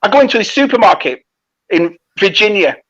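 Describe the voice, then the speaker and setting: A man's voice: high voice, expressive, brisk, fairly bright tone, dull audio. A man from England with a Northern English accent, chatting casually on a toy podcast and telling stories with frequent laughs. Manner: chatty storyteller, laughs often. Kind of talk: casual chat.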